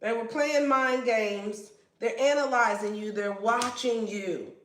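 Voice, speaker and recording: Give me a woman with a high voice reading tarot cards, blunt and full of slang, in a room with echo. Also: slow pace. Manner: blunt, slangy, swears freely, acts out the listener's replies. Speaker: tarot reader. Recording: echoey room.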